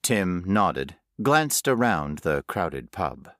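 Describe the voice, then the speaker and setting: Male audiobook narrator, slow and lively in pitch, lowish voice, dry close mic. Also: no echo. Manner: unhurried, expressive reading. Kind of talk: scripted narration.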